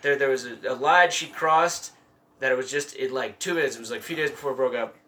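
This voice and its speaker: A man, a comedian guest, telling stories on a casual podcast, animated and swearing, with a handheld mic held very close. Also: medium pitch, quick pace. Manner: animated, swearing, acts out quoted voices.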